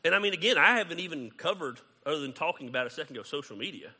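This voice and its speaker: A man preaching a sermon as pastor, conversational and animated, acting out quoted exchanges. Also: fairly high pitch, rapid-fire, in a large hall.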